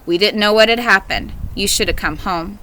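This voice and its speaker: A woman voicing a calm, kindly country father. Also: mid-range voice, slight background noise, lightly acted. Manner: slow and calm.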